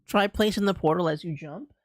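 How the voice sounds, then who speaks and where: A man's voice: sits high, fairly quick, no room sound. A young man streaming a game live, rambling with goofy mock threats and repeated phrases. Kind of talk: live gameplay commentary.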